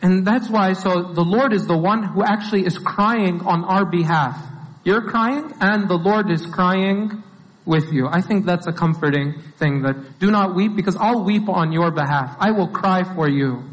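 A man preaching a sermon in a conversational way, often filling with "like". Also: high voice. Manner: conversational, with many "like" fillers. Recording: long hall reverb.

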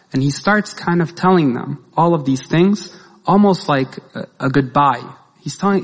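Male preacher, slightly high voice, lively rhetorical sermon, big reverberant church hall. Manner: asks the congregation rhetorical questions, lively. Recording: long reverb of a large hall.

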